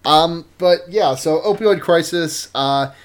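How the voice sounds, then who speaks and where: A man's voice: a little high, takes it slowly. A man hosting a casual podcast, rambling and restarting his sentences with a joking tone. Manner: rambling, self-interrupting, jokey. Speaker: podcast host.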